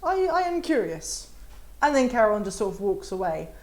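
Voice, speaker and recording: A woman's voice: medium pitch, very animated, normal speed, a little mellow. A woman playing a tabletop role-playing game, asking questions and narrating her character casually. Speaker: player.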